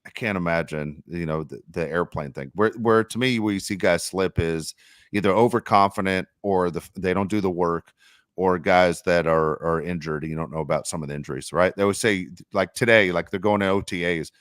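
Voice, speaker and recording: A man hosting a casual sports podcast, rambling and animated, with mock-complaining asides. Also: deep voice, a little fast, no echo, clean studio sound. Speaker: podcast host.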